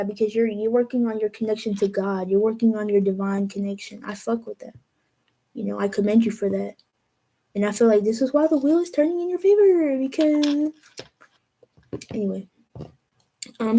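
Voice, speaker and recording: A young woman with a mellow, fairly high voice gives a casual tarot reading. She talks slowly and thoughtfully, trailing off mid-sentence and starting over as she works through the cards. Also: rough recording. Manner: slow, musing, trails off and restarts. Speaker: tarot reader.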